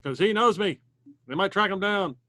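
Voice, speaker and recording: Clipped, slightly high male player. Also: animated, moderate pace, sharp tone. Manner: terse, clipped in-character lines. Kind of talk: in-character tabletop role-play.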